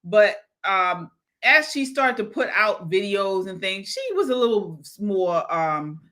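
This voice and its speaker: A woman's voice: mid-range voice, lively intonation, measured pace, bright, forceful tone. A woman co-host in a casual panel chat who hesitates often with ums and uhs.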